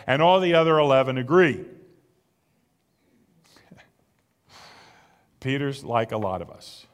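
A man's voice: fairly high pitch, very animated, slow pace, pauses often, a bit bright. Guy preaching a sermon, emphatic and chatty, voice rings out in a big echoey hall. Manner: emphatic, conversational preaching with rhetorical questions. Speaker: pastor.

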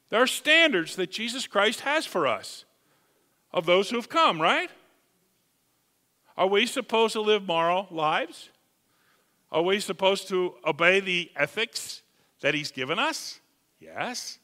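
A man preaching a sermon emphatically, rising to loud calls and dropping to hushed asides. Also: high-pitched. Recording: long hall reverb.

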